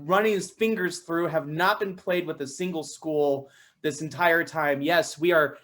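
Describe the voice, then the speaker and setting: A woman's voice: deep voice, unhurried. A woman co-hosting a casual video chat in a playful, teasing manner. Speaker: host.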